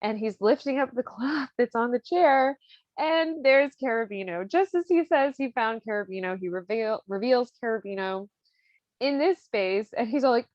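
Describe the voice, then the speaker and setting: A woman's voice: fairly high pitch, lively intonation, normal speed, darkish tone, no room sound. Young female podcast host, casual and irreverent, dry lo-fi recording. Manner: chatty and irreverent, with slang and swearing. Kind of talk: casual storytelling recap. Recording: dry, slightly dull lo-fi sound.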